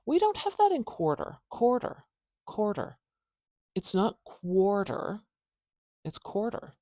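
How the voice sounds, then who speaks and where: A Canadian English speaker teaching phonetics in a casual tutorial, patiently repeating sounds slowly to demonstrate them. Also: medium pitch, huge pitch swings, dark tone, no echo, clean studio sound.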